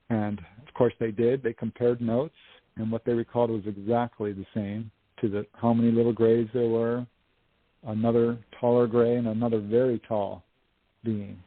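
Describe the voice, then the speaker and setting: A man as an interview guest telling a story in a casual, animated way, acting out what people said, over a dry phone line. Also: mid-range voice, moderate pace, no echo. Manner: animated storyteller, acts out quotes. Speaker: guest, UFO investigator and author.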